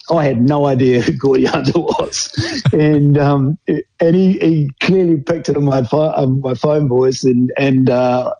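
A man's voice: medium pitch, steady tone, a little slow, warm tone, no echo, low-quality recording. A middle-aged man with a New Zealand accent, telling old rugby stories in a rambling, casual way and laughing often. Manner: rambling, laughs often, acts out quoted voices. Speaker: former rugby player guest. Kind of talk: casual storytelling interview.

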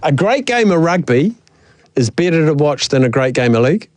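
A male radio host chatting casually about sports in a jokey, animated way. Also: fairly high pitch, brisk.

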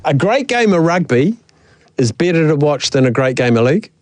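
A man's voice: a little high, sing-song, moderate pace, no echo. A man hosting sports talk radio in a chatty, jokey way. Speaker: talkback radio host.

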